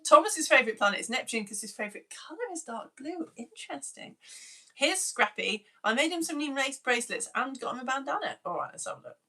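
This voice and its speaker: Bubbly, lively woman teacher. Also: high voice, a little fast. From United Kingdom. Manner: bubbly, self-mocking, greets children by name. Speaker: teacher reading out viewer messages. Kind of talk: live-stream shout-outs to children.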